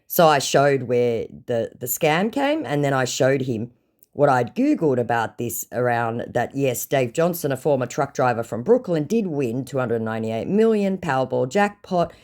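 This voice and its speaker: Sarcastic woman with a very low voice. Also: expressive, normal speed, a little mellow. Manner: sarcastic and mocking. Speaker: scam-baiting content creator. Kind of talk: casual vlog storytelling.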